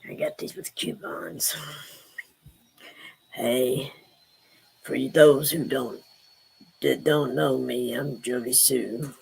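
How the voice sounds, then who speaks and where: A woman playing a gruff, indignant woman with a drawl, her voice pushed far down by a pitch-lowering filter. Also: fairly even intonation, slow, pauses often, darkish tone, heavily acted. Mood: boastful. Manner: low drawling, defiant boasts. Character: gruff indignant Southern woman, suspicious and defiant.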